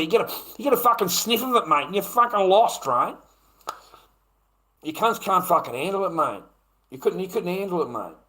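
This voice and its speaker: Crude rambling Australian man, bright voice. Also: high voice, poor audio. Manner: crude, profane, rambling, keeps tagging "mate". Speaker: livestreamer. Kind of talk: rambling monologue on a livestream.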